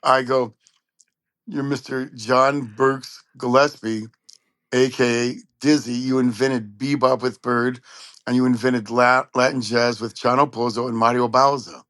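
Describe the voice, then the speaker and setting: Man, trumpet player guest, animated storyteller, dry podcast mic. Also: medium pitch, measured pace, no room sound. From Long Beach, California. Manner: animated anecdotes, acts out quoted voices. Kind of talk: casual storytelling interview.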